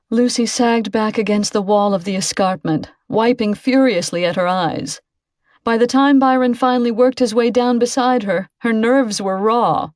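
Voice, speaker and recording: Female audiobook narrator, slightly high voice, measured and expressive, dry close sound. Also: dry recording. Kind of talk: scripted narration.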